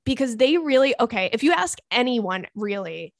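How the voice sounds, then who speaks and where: A young woman hosts a podcast, chatting casually and reading listener messages with profane, animated asides and quick put-on voices. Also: on the high side, creaky, dry recording, studio quality. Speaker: podcast host.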